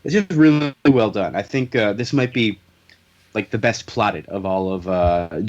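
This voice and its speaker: A man's voice: lowish voice, a little slow, darkish tone. Joking man recapping a comic, dull audio. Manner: joking, summarizes plots with playful voiced quotes. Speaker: podcast host. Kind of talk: casual comics podcast chat.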